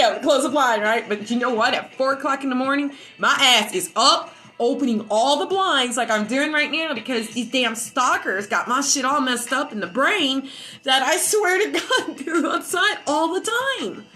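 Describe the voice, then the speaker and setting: A woman at home tells a story with a high, bright voice that swings up and down. She talks in an animated, profane way, with quick laughs. Faint music plays in the background. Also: rough recording. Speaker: vlogger. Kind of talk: casual storytelling.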